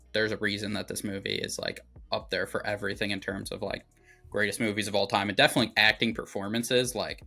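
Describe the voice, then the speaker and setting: A man's voice: on the low side, gravelly, bright, forceful tone. A young man casually recapping a movie plot on a podcast, rambling with lots of fillers and swearing. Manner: rambling, filler-heavy, profane. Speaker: movie review podcast host.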